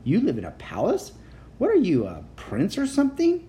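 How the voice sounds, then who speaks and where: Woman doing a cheeky, excitable young boy. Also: medium pitch, normal speed, a little hiss or hum, pitched above the performer's own voice. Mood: teasing. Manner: joking, teasing.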